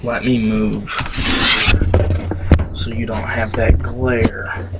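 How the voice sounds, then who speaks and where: A man from Kentucky with a Kentucky accent and a scratchy voice, talking to the camera in a casual vlog with halting pauses and many fillers. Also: fairly low pitch, level tone. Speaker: vlogger. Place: small room with a door, indoors.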